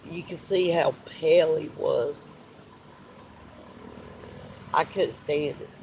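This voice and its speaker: A man's voice: on the high side, slow pace, creaky, a little mellow, a little hiss or hum, rough recording. A man, crying as he talks heartfelt and repetitive to viewers on a live stream. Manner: tearful, heartfelt, repeats himself. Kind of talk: emotional live stream talk.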